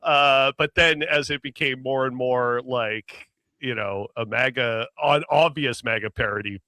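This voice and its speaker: A man talks politics casually as a show host, tripping over restarts and fillers and breaking into laughs. His voice is bright and pushing, and the sound is dry with no room behind it. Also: medium pitch, unhurried, no echo. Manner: rambling, many fillers and restarts, laughs often. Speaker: podcast host.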